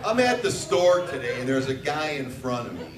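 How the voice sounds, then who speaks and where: Crude, animated stand-up comic man. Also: medium pitch, moderate pace, crowd noise. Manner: crude, profane storytelling. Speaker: stand-up comedian. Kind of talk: stand-up routine. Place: bar stage. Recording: roomy, distant, loud bar noise.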